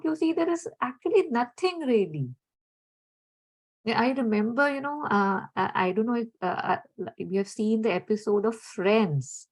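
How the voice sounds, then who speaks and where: Higher-voiced woman speaking in a thoughtful, reflective way. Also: low-quality recording. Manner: thoughtful, gently searching, frequent "you know". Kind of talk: reflective conversational explanation.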